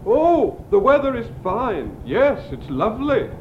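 A deaf old gentleman who keeps mishearing and answers the wrong question in a high, lively voice. The voice bobs up and down as he talks past the question. The sound is muffled, like an old radio-course tape. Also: unhurried, slight background noise, heavily acted. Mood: bewildered. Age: older.

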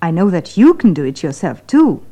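Woman presenter, playful, clear radio English lesson, lively pitch. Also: moderate pace. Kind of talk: scripted radio lesson banter.

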